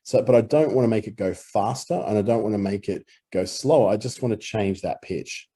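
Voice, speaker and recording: A man with an Australian accent explaining audio editing in a relaxed screen-recorded tutorial, with easy fillers. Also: lowish voice, brisk, slightly rough.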